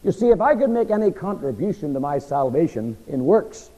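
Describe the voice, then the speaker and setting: Lively preacher with a frog in his throat. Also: a little high, a little fast. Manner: asks the audience to fill in words. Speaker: preacher teaching a Bible class. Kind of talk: sermon-style Bible teaching. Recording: lo-fi recording with long hall reverb.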